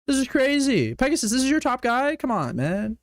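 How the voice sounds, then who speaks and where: A man's voice: very high voice, sing-song, a little fast, no room sound. Male streamer from Canada, casual reaction commentary, profane and mocking, swinging range, dry sound.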